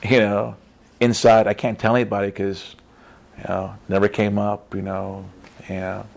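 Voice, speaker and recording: A man's voice: fairly low pitch, little pitch movement, measured pace, gravelly. A man giving a casual Christian testimony talk, emphatic and repetitive, often tagging his sentences with "right?". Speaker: Christian speaker.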